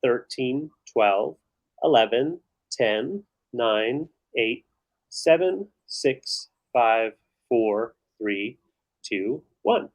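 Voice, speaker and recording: Relaxed guy on a vintage sale stream, counting down and calling out the winning bids. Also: medium pitch, drawn-out words, rough recording. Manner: easygoing, runs bids and counts down. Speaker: live sale co-host, auctioneer. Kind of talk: live-stream auction chat.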